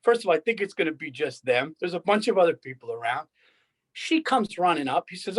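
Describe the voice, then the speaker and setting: A man's voice: a little high, very animated, brisk. Man, podcast co-host, casual comedy chat, rambling, swears a lot, gets worked up. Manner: rambling, profane, worked-up storytelling.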